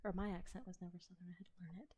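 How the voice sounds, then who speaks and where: A woman with a Midwestern American accent, chatting casually and hesitantly on a live stream, now and then slipping into soft whispers. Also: lowish voice, flat delivery, racing, highs cut off, a little hiss or hum. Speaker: ASMR role-play streamer.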